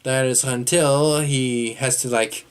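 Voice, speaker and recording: A young man giving a casual, unscripted movie review, rambling and halting with lots of fillers and restarts. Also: mid-range voice, fairly even intonation, clear, resonant tone. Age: young adult.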